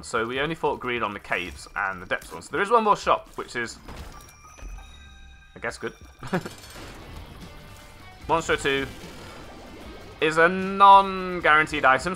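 Guy rambling through a let's play, really bright voice, bit of music behind. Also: medium pitch. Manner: rambling, self-correcting, dry asides. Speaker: gameplay commentator.

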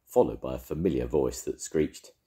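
An older man reading a children's story aloud with gentle, expressive storytelling. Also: extremely low pitch, normal speed.

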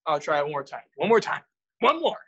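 Giggly husky voice on a video call. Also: medium pitch, big pitch swings, fast talker, sharp tone, muffled recording. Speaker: student.

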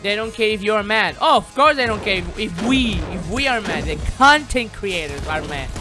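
A man's voice: high voice, expressive, moderate pace. Rambling male streamer. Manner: rambling, stuttering, swearing. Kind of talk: casual live-stream chat while gaming. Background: game music.

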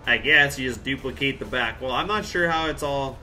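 A man's voice: medium pitch, a little fast, bright, forceful tone, soft background music. A man from Central Alberta chatting casually on a live game stream, answering chat with jokey asides. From Central Alberta, Canada. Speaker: game livestreamer.

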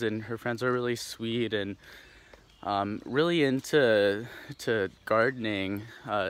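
A man's voice: medium pitch, fairly bright tone. A young man from the Pacific Northwest, vlogging casually while walking through a neighborhood, rambling with lots of fillers and restarts. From Tacoma, Washington, USA. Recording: faint outdoor background noise.

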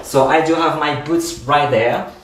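A man's voice: fairly high pitch, a little slow, a little hiss or hum. Man, French accent, line dance instructor, chatty, counts steps aloud, echoey room, distant mic. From France. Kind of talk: live-streamed dance class. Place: at home. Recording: roomy echo, mic at a distance.

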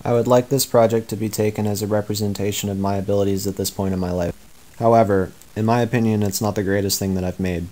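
A teenage high school student narrating his own project presentation in a flat, measured monotone. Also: rough recording. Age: teens. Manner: measured, explanatory.

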